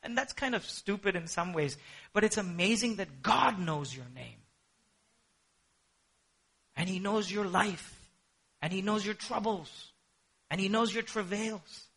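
High bright-voiced husky preacher man. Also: a little slow, pauses often. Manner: animated preaching, swinging between hushed and emphatic. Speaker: pastor. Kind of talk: sermon.

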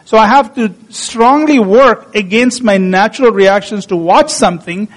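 A man preaching a sermon, slowing down and repeating phrases to stress key words. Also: sits high, poor audio.

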